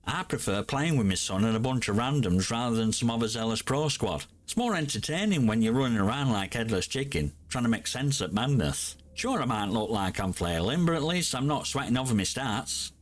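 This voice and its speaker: A middle-aged man with a thick Yorkshire accent holds forth in a scripted gaming vlog. He is grumpy, blunt and sarcastic, and his voice sits at an ordinary male pitch. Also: expressive, brisk, few pauses. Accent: broad Yorkshire. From Yorkshire, England. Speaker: gaming YouTuber.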